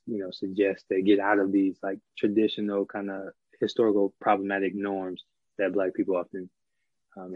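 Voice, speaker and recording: Thoughtful low-voiced man, flat delivery. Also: no echo, phone-quality sound. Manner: thoughtful, many fillers and restarts. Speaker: podcast guest. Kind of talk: casual conversation.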